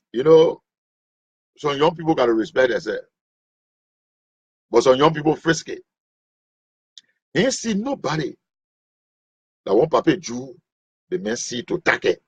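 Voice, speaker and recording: A male comedian rambles through stand-up storytelling. His voice is high, husky and gravelly. The recording is dry and dull. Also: a little slow, long pauses. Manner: animated and rambling.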